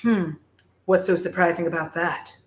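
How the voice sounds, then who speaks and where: Smug rich young man, low and level, roomy sound, read by a woman. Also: steady tone, normal speed, lightly acted. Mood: smug, cool.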